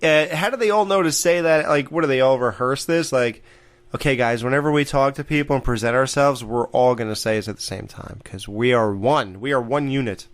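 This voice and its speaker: A man's voice: medium pitch, fairly quick. A man hosting a podcast, casually recapping a sitcom episode and laughing along. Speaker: podcast host.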